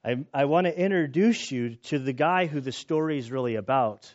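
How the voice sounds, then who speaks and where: A man preaching a sermon in a casual, animated way, joking about himself and often restarting his sentences. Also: mid-range voice, normal speed. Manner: casual, animated, self-deprecating jokes, many restarts. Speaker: pastor. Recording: slightly dull lo-fi sound.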